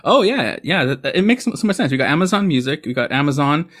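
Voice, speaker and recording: A man's voice: a little high, big pitch swings, a bit bright. A man in his thirties hosting a podcast, joking and laughing often in casual chat. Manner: fast, jokey, laughing often. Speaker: podcast host.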